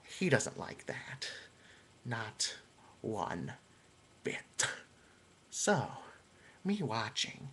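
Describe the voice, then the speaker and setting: A man doing an impression of an unhinged villain, speaking in a raspy, low, whispery voice. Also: very animated, drawn-out words, pauses often, fairly bright tone, slight background noise, exaggerated voice. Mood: creepy. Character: raspy unhinged male movie villain, creepy.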